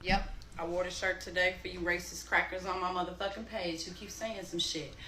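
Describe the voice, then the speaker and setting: A woman in a social media video, taunting viewers in a profane, drawn-out way. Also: on the low side, flat delivery, sharp tone, a little hiss or hum.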